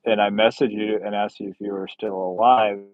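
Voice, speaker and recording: Male stream host, sardonic and chatty, flat dry lo-fi sound. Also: on the low side, fairly quick, no echo. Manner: blunt, sardonic, rambling. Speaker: livestream host. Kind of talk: casual livestream chat reading comments.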